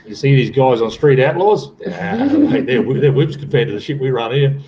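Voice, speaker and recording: A man's voice: medium pitch, a little fast. An older Australian man chatting as a guest, full of joking, blokey banter. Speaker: guest on a livestream. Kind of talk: casual chat. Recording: dull lo-fi with faint noise.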